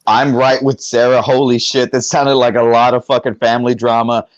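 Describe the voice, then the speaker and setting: A man's voice: medium pitch, little pitch movement, normal speed, no echo, muffled recording. A man who is a comedian, talking on a panel in a rambling, profane, joking way. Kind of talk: casual panel chat.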